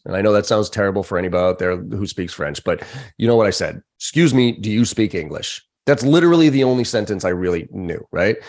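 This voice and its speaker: A middle-aged American man, a sales trainer, telling stories candidly with profanity and lively quoted voices. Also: gravelly. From United States. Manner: animated, profane, acts out quoted voices with big pitch jumps. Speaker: sales trainer and podcast guest. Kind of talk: candid conversational storytelling.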